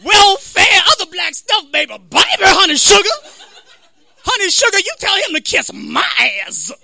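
A man doing the voice of a loud, exasperated woman at a service counter, in a stand-up set, shouting sing-song pet names. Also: very high-pitched, very animated, normal speed, vocal fry, no room sound, clean studio sound, pitched above the performer's own voice, exaggerated voice. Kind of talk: stand-up comedy.

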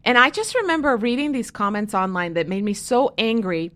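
A woman's voice: fairly high pitch, expressive, fairly quick, a bit bright. Earnest middle-aged woman, emphatic. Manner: earnest, emphatic, speaks with conviction. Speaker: guest author and speaker. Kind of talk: candid interview talk.

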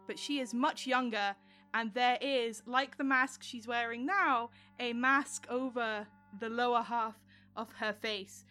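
A woman narrating a tabletop game as game master, setting scenes in a descriptive, unhurried way. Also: a little high, fairly even intonation, sharp tone, faint music behind.

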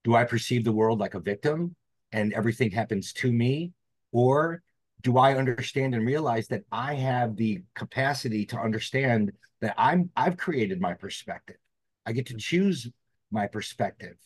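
A man's voice: mid-range voice, expressive, moderate pace, dry recording. A man, a podcast guest telling a personal story in an earnest, reflective way. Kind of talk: storytelling interview.

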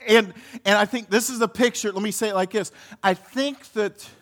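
High-voiced man preaching casually. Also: fairly even intonation, moderate pace, a bit bright. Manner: conversational preaching with many restarts and laughs. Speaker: pastor. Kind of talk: sermon.

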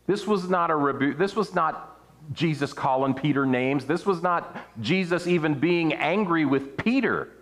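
A man preaching an earnest sermon, his pitch rising and falling for emphasis as he reads and explains scripture. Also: lively intonation, moderate pace, fairly bright tone.

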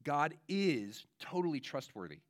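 A man preaching a children's sermon as pastor, telling stories in a lively, chatty way with many fillers. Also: fairly high pitch, measured pace, dry recording, studio quality. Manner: animated storytelling, many fillers.

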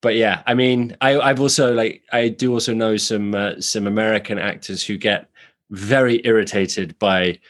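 A man's voice: lowish voice, fairly even intonation, normal speed. British man musing on the craft. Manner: thoughtful, rambling, frank. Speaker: actor, guest. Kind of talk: casual podcast conversation. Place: New York.

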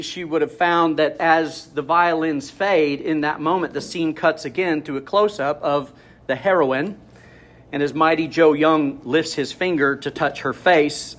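Male pastor, slightly high voice, conversational sermon storyteller with asides to the room. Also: a bit bright.

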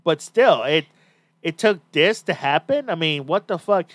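A man's voice: a little high, expressive, unhurried, a bit bright, no room sound. Blunt, swearing male podcast host. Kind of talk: casual chat.

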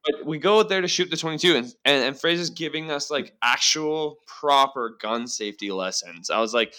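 A man hosting a podcast, rambling quickly and saying "like" a lot in casual banter with friends. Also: fairly high pitch, bright, forceful tone. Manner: rambling and fast, heavy use of "like". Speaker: podcast host. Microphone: podcast mic.

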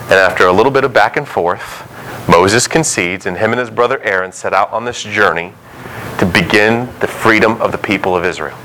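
A male pastor delivers a relaxed, conversational sermon in a bright, forward voice. He slips into quick voices for the characters in the story. Faint noise sits under the recording. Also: on the low side, poor audio. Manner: conversational, acts out voices of biblical figures.

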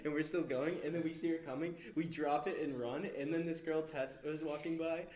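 A young man casually telling school stories, laid-back and quick to laugh, with frequent swearing. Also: a little high, steady tone, darkish tone, reverberant, low-quality recording. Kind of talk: casual storytelling chat.

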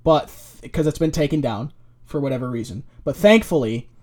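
A man's voice: medium pitch, expressive, fairly quick, a crowd in the background. A man co-hosting a podcast, chatting casually and telling loose, profane stories into a podcast mic. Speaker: podcast co-host. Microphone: podcast microphone.

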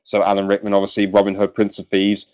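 A man's voice: on the low side, completely flat delivery, fast talker, a little mellow, muffled recording. A man hosting a casual podcast chat, talking with many ums and restarts. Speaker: podcast host.

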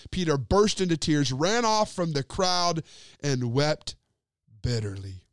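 Guy preaching, bit higher voice, tells the story dramatic, trails off low and soft, speaks right to his friends. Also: lively intonation, slow, dry recording, studio quality. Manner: addresses listeners directly as friends. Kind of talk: sermon.

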